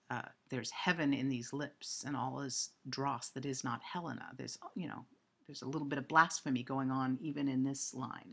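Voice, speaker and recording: Woman teacher talking through a lecture, deep-ish and creaky, corrects herself a lot. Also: a bit bright. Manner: explanatory, with frequent ums and self-corrections. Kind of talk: recorded literature lecture.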